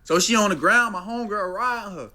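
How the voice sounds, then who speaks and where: A man's voice: high voice, fast, sharp tone. A young man casually telling a story, with lots of slang, saying "bro" constantly and acting out what people said.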